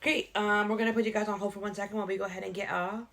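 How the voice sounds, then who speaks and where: A woman co-hosting a casual true-crime podcast, chatty and quick to laugh. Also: medium pitch, little pitch movement, fairly bright tone, slight background noise. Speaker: podcast co-host. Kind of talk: casual chat.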